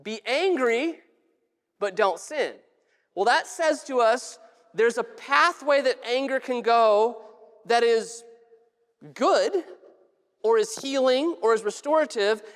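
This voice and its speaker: A pastor giving a conversational sermon in a church sanctuary, casual and joking, with frequent restarts. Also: mid-range voice. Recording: long church reverb.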